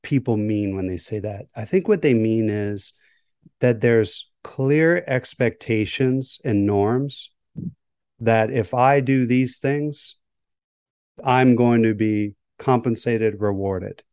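A man's voice: medium pitch, slow pace, darkish tone, clear, resonant tone, dry recording, studio quality. A man, a workplace psychologist, answering interview questions in a thoughtful, hedging way. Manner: thoughtful, hedging with "right?" and "kind of".

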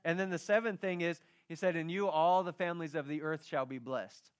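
A middle-aged man preaching a sermon, telling a family story in a conversational way that swings from hushed to loud and emphatic. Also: on the high side, a little fast, clean tone. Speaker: pastor.

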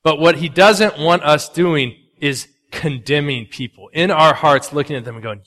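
A man preaching a sermon as pastor, conversational and animated, swinging between loud punchy asides and quiet earnest drops. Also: a little high, moderate pace, few pauses, in a large hall. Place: church sanctuary.

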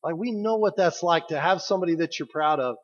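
Man preaching on a dull lo-fi recording. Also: fairly high pitch. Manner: conversational, emphatic preaching with slow pauses. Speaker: pastor. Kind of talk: sermon.

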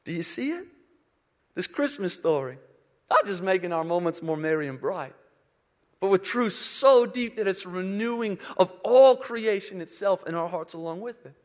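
A high-voiced man in his thirties preaches a sermon. His delivery shifts between quiet, hushed passages and emphatic ones. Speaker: pastor.

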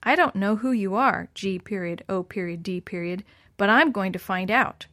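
A woman's voice: mid-range voice, moderate pace, fairly bright tone, no room sound, lightly acted. Storybook boy, eager and earnest, read by a woman; dry, close sound. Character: eager boy who uses a wheelchair.

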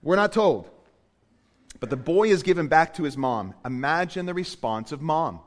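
A man's voice: a little high, animated, normal speed. Man preaching in a reverberant church hall. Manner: swings between hushed and loud emphatic preaching. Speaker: pastor. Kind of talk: sermon.

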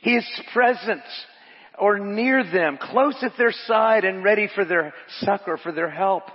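A man's voice: sits high, unhurried, breathy edge, big-room sound, dull audio. A man pastor preaching a sermon, reading scripture and quotes aloud and repeating phrases for emphasis. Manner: asks the congregation to repeat lines. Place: church.

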